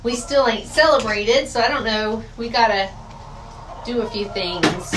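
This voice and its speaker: A woman's voice: on the high side, unhurried, roomy sound, distant mic. A woman, chatting casually to her viewers and her chickens in a homey way. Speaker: vlogger. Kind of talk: casual vlog chat. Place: outdoors by a chicken coop in the rain. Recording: loud outdoor noise with chickens. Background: clucking chickens and rooster.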